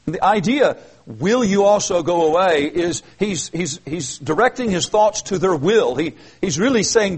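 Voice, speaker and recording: His voice sits high with lively intonation as he preaches at normal speed, barely pausing. Reading verses aloud in an expository sermon, he explains them earnestly and emphatically with repeated phrases and frequent restarts. His slightly rough voice comes through a rough recording.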